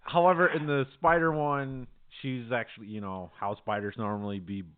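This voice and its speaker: A man's voice: medium pitch, steady tone, moderate pace, clean tone. A man co-hosting a podcast, talking in a laid-back, rambling way and laughing often. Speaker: podcast co-host. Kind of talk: casual chat. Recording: tinny phone-like audio.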